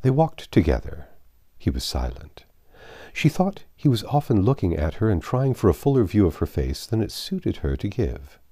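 A man reading a classic novel aloud, measured and expressive. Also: on the low side, husky, no echo, clean studio sound. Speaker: audiobook narrator.

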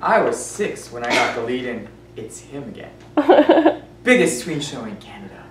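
A woman's voice: rumbling low, huge pitch swings, normal speed, exaggerated voice. A woman playing a pushy, nosy teen boy. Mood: wistful. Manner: awkward, overfamiliar, giggly. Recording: echoey room, mic far off, faint hiss.

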